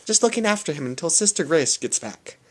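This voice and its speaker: A man's voice: a little high, very animated, fairly quick, a bit bright, pitched above the performer's own voice. A man voicing a nervous, chattering nun who works as a nurse in an audiobook reading. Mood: flustered chatter. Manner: nervous, babbling small talk.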